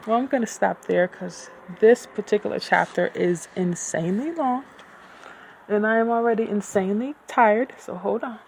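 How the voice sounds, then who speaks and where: A woman who hosts a podcast, reading her own fiction aloud and then chatting casually, with slow, deliberate enunciation and rambling asides. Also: mid-range voice, creaky, darkish tone, slight background noise, poor audio. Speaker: podcast host and author.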